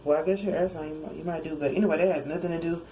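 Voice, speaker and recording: A woman with a low voice talks through a tarot reading in a loose, conversational way. She wanders off track, corrects herself mid-sentence and slips in chuckling asides. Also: steady tone, very fast, dark tone, slight background noise, low-quality recording. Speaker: tarot card reader. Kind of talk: casual spoken tarot reading.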